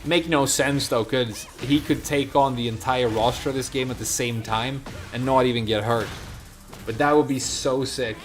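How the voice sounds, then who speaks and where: A man talks loosely and at length while streaming, his voice sitting at an ordinary middle pitch. He rambles, drifts between tangents and answers his chat. Soft music plays quietly underneath him. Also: fairly even intonation, normal speed. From Sweden. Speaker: game streamer.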